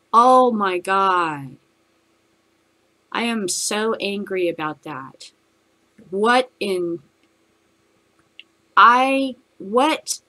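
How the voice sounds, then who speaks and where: On her cannabis news show, an American woman with a mid-range, sharp-toned voice vents angrily about the news. Her commentary comes in fast bursts loaded with cursing.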